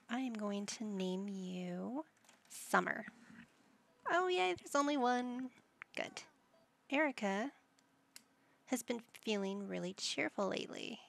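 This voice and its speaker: A woman's voice: medium pitch, unhurried, creaky. A woman giving casual commentary over her life-simulation gameplay, chatting to her game characters as she plays. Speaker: gameplay channel host.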